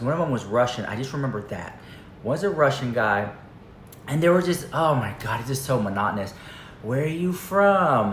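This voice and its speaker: A man's voice: medium pitch, a bit bright. Chatty man rambling in an echoey room. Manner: chatty, rambling, filler-heavy. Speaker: commentary vlogger. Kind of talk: casual storytelling to camera. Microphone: camera. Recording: echoey room, faint noise.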